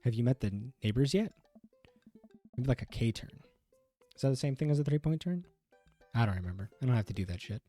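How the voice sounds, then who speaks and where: A young man streaming a game, talking casually and cracking jokes as he rambles. He trips over his words and corrects himself mid-sentence. His tone is mellow and soft-edged, with faint music in the background. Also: mid-range voice, lively intonation, fairly quick, long pauses. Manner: joking, rambling, stumbles and self-corrections. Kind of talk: casual let's-play commentary.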